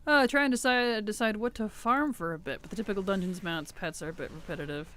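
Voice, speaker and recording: A woman's voice: medium pitch, fast, a bit bright. A woman streaming a game, chatting casually with her viewers in a laid-back, rambling way. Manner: chatty, reads chat aloud and answers it. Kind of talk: casual live-stream chat.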